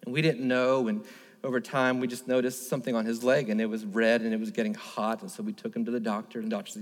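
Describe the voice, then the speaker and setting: A pastor in his thirties preaches an earnest sermon, his voice sitting in an ordinary middle pitch for a man. He tells a personal story and then builds to urgent, repeated phrases. The sound carries the long reverb of a large hall. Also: fairly even intonation, fairly quick. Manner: earnest, storytelling with rising emphatic repetitions.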